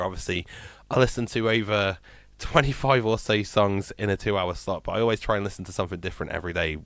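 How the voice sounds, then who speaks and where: A man's voice: sits low, creaky, fairly bright tone, dry recording. A male radio DJ with an English accent, talking in a chatty, rambling, informal way between songs. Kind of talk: unscripted radio chat. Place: radio studio. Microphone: studio microphone.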